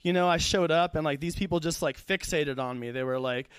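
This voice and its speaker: A man's voice: a little high, fairly quick, clean tone, dry recording. A young man performing a stand-up comedy set at a live show, rambling, profane and losing his thread.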